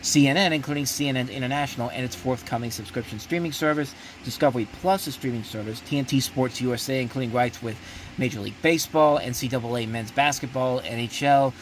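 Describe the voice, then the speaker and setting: A man's voice: medium pitch, quick pace, a little hiss or hum. A man hosting a live show, reading entertainment business news aloud with sarcastic asides and frequent restarts. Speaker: show host. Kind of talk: casual news commentary.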